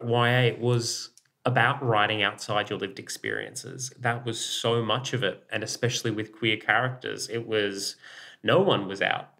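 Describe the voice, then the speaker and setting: An Australian man talking as a guest in a relaxed interview, his voice bright and forceful. He tells stories in an animated way, swears freely, and acts out what other people said. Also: lowish voice, normal speed, creaky. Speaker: children's author, guest. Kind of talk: casual interview storytelling.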